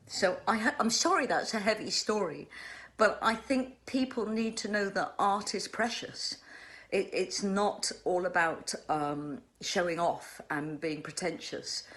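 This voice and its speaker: Emotional older woman telling a story. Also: fairly low pitch. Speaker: host. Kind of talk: answering a fan question at home. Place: home.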